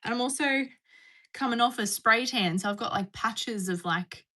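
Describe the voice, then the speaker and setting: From indoors at home, a woman with a slightly high, bright, pushed voice chats on a live stream at normal speed. Bubbly and talkative, she reads her chat and responds to viewers.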